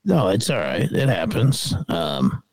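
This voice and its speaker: Casual podcast co-host, male, from the United States, animated pitch, dry close sound, playful banter. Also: measured pace, no room sound. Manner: joking, self-mocking banter. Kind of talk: casual chat.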